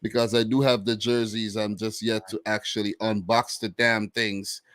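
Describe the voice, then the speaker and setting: A man's voice: on the low side, level tone, normal speed, a bit bright, dry recording. A young man with a New York accent hosting a casual football chat, laid-back and slangy, often repeating himself. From United States. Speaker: football podcast host.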